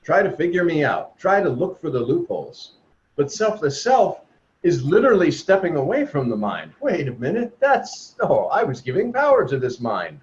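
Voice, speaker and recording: A man's voice: on the high side, very animated, normal speed, a little mellow. A man leading a spiritual discussion group from home, speaking earnestly and stacking up repeated emphatic phrases. His voice rises and falls a lot. The sound comes through a muffled video call.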